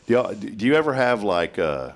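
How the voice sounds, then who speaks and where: A man's voice: on the low side, sing-song, normal speed, gravelly. A man hosting a casual morning talk show, telling stories and laughing often. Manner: chatty storyteller, laughs often. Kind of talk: casual chat.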